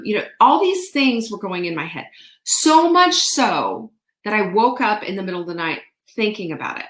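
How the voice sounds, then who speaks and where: A woman hosting a show, telling a story in a chatty, animated way with playful asides. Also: mid-range voice, moderate pace. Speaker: show host. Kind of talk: casual storytelling monologue. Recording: roomy echo.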